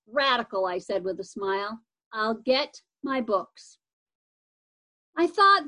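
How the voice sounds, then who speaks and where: A woman's voice: high voice, poor audio. A woman reading a children's chapter book aloud in a casual way, with the odd slip and restart. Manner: casual, with occasional slips and restarts. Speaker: reader.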